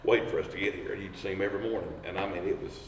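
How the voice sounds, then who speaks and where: A man's voice: low-pitched, fairly even intonation, racing, vocal fry, a little hiss or hum. A man, a firefighter telling rambling stories in a fire station garage. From East Tennessee. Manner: rambling, many restarts, laughing asides. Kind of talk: casual storytelling. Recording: echoey hall, voice from far off.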